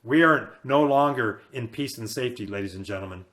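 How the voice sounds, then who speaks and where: A preacher in his fifties gives a fiery end-times sermon, repeating points emphatically with mounting fervor and hammering his warnings home. His middle-pitched voice is a bit bright, and he speaks briskly.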